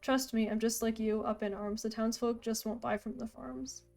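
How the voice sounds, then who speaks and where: A woman's voice: a little high, fairly even intonation, moderate pace, creaky, darkish tone, soft background music. A woman reading a friendly young farmhand. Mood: easygoing. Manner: reading rhymed lines aloud in her own voice. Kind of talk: reading a video game's dialogue aloud.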